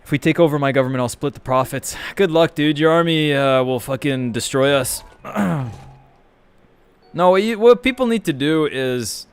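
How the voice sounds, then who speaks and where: Smooth-voiced, profane gaming streamer man. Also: a little high, expressive, normal speed. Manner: rambling, profane, reads and answers chat. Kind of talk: casual live-stream chat while gaming.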